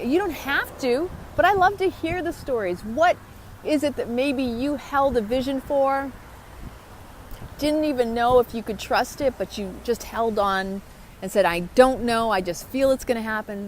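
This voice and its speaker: A woman's voice: high-pitched, expressive, a little slow, slight background noise. A woman talking to her viewers in a motivational vlog, upbeat and chatty. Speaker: vlogger. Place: outdoors.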